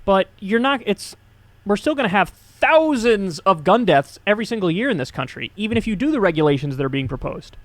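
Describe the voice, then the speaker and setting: A man speaks in a measured way, weighing each point and correcting himself as he thinks aloud. His pitch is a little high for a man. He sounds like a political commentator in a played clip. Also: sing-song, no room sound.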